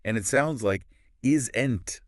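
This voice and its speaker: A man's voice: deep voice, lively intonation, normal speed, no room sound, studio quality. A man co-hosting a scripted English lesson, explaining pronunciation step by step. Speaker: English teacher co-host. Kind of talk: scripted language lesson dialogue.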